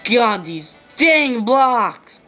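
A woman playing a platform game and yelling frustrated complaints and curses at it. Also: a little high, big pitch swings, very slow, faint music behind. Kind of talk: rage gameplay commentary.

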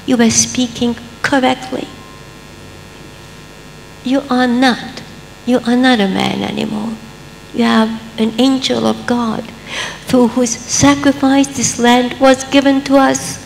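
A woman's voice: a little high, fairly even intonation, slow, vocal fry. An older American woman telling an impassioned religious story as a speaker, building to fervent emphasis. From United States. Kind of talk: inspirational storytelling speech. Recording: hum with long hall reverb.

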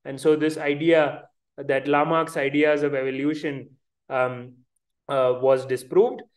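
Hesitant Indian-accented lecturer on a call. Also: male voice, a little high, steady tone, measured pace. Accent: Indian English. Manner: hesitant, many fillers and restarts. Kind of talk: online science lecture. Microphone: video call.

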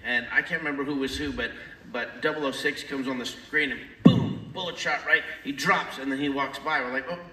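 A man chatting as a panel guest, telling stories eagerly with quick bursts and restarts. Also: medium pitch, fairly even intonation, sharp tone. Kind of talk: casual panel chat. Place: large convention hall. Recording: echoey hall, distant mic.

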